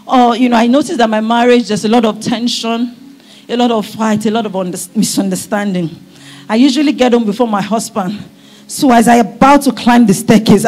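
A middle-aged woman pastor with a slightly high voice preaches a sermon at a church service, fervent and frequently breaking into shouts.

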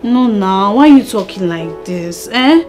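A woman plays a young Nigerian tenant with a reassuring, soothing manner. Her voice sits at a middle pitch. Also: expressive, measured pace, darkish tone, soft background music, natural voice.

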